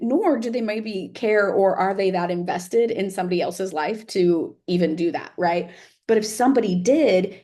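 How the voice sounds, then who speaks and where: A woman teacher with a lowish, dark-toned voice talks casually and reflectively to camera, often checking in with "right?" and "like".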